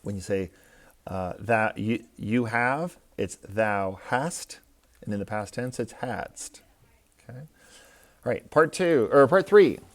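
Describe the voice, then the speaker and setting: A man's voice: on the low side, slow pace, long pauses. A man teaching a recorded lesson, explaining step by step with patient examples. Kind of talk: recorded classroom lecture.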